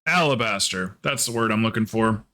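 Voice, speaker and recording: In a lowish voice at a moderate pace, a man talks loosely while streaming a game. Rambling and cursing, he laughs often and mimics others in quotes with lots of animation.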